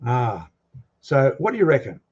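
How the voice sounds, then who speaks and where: A man lectures from the front with a husky, slightly rough voice, firing rhetorical questions and challenges at his listeners. His delivery is emphatic and insistent. The recording sounds dull and lo-fi, with the top end rolled off. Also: mid-range voice, huge pitch swings, normal speed, a little mellow. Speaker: guest speaker on creation and fossils. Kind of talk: lecture with slides and audience questions.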